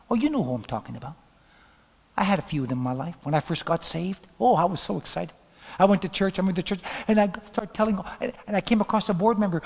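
A man preaching a sermon as pastor, telling stories dramatically and swinging from loud bursts to whispers. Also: on the high side, creaky, slightly rough, big-room sound.

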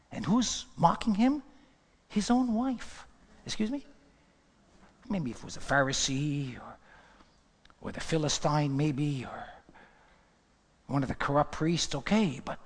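A male preacher giving an impassioned sermon, swinging from hushed whispers to loud outbursts. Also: fairly high pitch, sing-song, slow, long pauses, big-room sound.

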